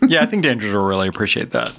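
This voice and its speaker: A man playing a tabletop role-playing game, deadpan and a little hesitant. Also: lowish voice, racing, creaky. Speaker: player.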